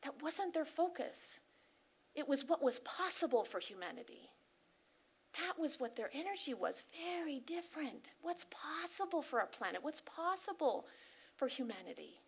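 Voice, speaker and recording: A woman giving an inspirational sermon talk as a spiritual practitioner, earnest and animated, often asking her listeners questions. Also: high voice, moderate pace. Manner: animated and emphatic, acting out angry voices. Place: spiritual center service.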